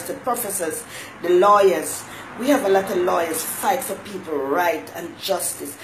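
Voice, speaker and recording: A woman's voice: fairly low pitch, noisy background. A woman hosting her own talk show, giving folksy motherly advice and greeting viewers by name. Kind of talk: casual live-stream monologue.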